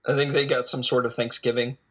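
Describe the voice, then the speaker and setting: Bright-voiced man rambling through a film recap. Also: mid-range voice, level tone, fast talker. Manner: rambling, hesitant, joking plot retelling. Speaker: film reviewer. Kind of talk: casual spoken film recap.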